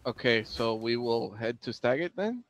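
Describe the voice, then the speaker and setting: A man's voice: mid-range voice, expressive, normal speed. A man playing a tabletop game, questioning in character with persistent, stammering questions. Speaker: player.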